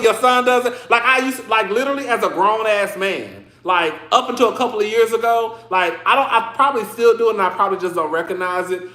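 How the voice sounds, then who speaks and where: A man's voice: high-pitched, bright, forceful tone, reverberant. A man hosting a podcast, chatting casually and rambling with lots of "like" and restarts. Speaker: podcast host. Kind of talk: casual commentary chat.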